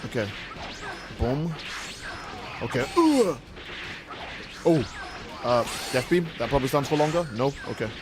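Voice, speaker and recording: A man's voice: medium pitch, animated, unhurried, long pauses, over music. A man livestreaming a game, chatting casually and playfully with his viewers in a rambling way. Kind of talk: casual livestream chat while gaming.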